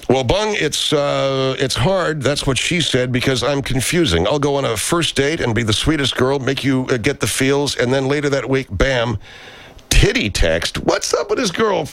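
A man's voice: medium pitch, normal speed, a bit bright, dry recording. A man hosting a live stream, chatting casually and reading viewer comments aloud, loose and profane, speaking into a studio microphone. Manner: loose and profane, aside-heavy.

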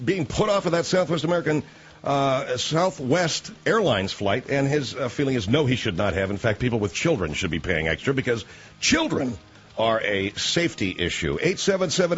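A man hosting a comedic talk radio show, brash and sarcastic, mocking his guest. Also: on the high side. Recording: muffled broadcast audio with faint hiss.

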